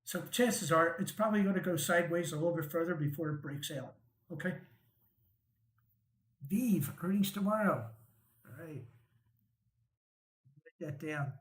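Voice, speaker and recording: This stock market host speaks at normal speed in a fairly high voice, pausing often as he walks through charts in a relaxed, conversational way. He checks in with "right?" and "okay?" and chuckles wryly, though the audio is poor and sounds roomy.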